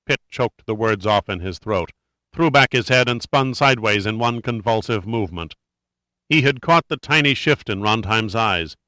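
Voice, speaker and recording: A man reading a thriller aloud as narrator in a steady, measured way. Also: mid-range voice, no echo. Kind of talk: scripted audiobook narration.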